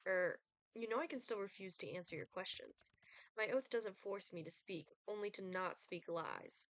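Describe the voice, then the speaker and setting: A woman's voice: medium pitch, normal speed, lightly acted. A woman voicing an aloof male Grim Reaper, reading his game lines in a cool, clipped, formal way. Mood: cold, formal. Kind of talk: reading game dialogue aloud.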